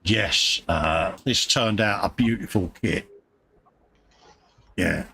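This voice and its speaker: A man's voice: fairly low pitch, slow pace, creaky, sharp tone, slight background noise. Man in joking livestream banter. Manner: banter, reading out viewer chat comments. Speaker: live stream co-host. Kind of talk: casual chat.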